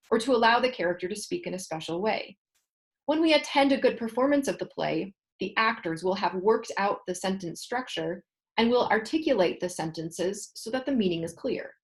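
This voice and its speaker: A woman teaching a class, reading a textbook passage aloud and explaining it in steady, patient asides. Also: mid-range voice.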